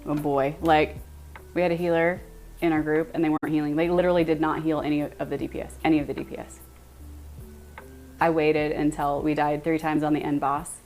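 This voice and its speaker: A young American woman streams live, chatting with her viewers in a lively, talkative way and laughing often. Her voice sits a little on the lower side. Soft music plays faintly underneath.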